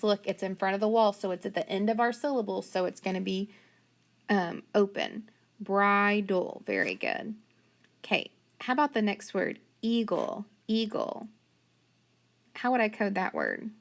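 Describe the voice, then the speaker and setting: Woman teacher for a phonics lesson, patient and slow, a little gravelly, middle pitch. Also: a bit bright.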